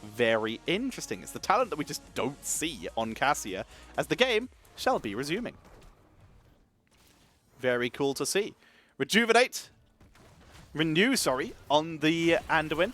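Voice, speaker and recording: A man casting a live esports match, energetic and chatty, wired on caffeine and thanking subscribers between calls of the play. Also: fairly high pitch, moderate pace, pauses often, soft background music. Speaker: esports caster.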